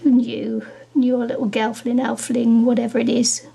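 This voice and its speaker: Casual crafting vlogger, woman, husky and hoarse, losing her voice, chatty and giggly. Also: on the high side, level tone, moderate pace, warm tone. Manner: chatty, giggly, talks while working. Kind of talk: casual crafting tutorial chat.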